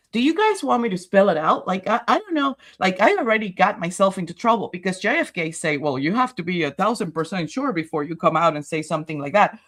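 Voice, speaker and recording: A woman's voice: fairly high pitch, a bit bright. A woman livestreaming commentary who talks straight to her viewers in an emotional, rambling way, stopping often to walk them through video footage. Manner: narrates video footage step by step.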